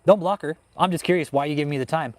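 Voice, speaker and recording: A man's voice: fairly high pitch, very fast, no room sound. Cussing man ranting on a livestream. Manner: heated, swears constantly, talks straight to chat viewers. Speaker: host of a livestream on cults. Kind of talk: profane livestream rant, reading chat.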